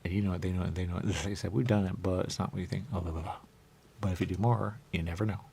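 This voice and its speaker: A man's voice: low voice, steady tone, quick pace, creaky, warm tone, breathy edge. A man hosting a talk show, rambling playfully with sing-song repetitions and riffs. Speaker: radio show host.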